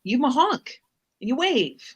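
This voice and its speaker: A woman's voice: high voice, very animated, takes it slowly, husky. A woman hosting a casual chat show, talking in an upbeat, motivational way. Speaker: host.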